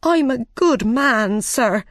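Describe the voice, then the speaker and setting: A woman's voice: a little high, lively intonation, takes it slowly, dry recording, pitched above the performer's own voice. A jittery storybook hatter, afraid and pleading, as a woman puts him on. His voice sits well above the narrator's own, and the recording is close and dry. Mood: anxious. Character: nervous male hat-seller, fearful.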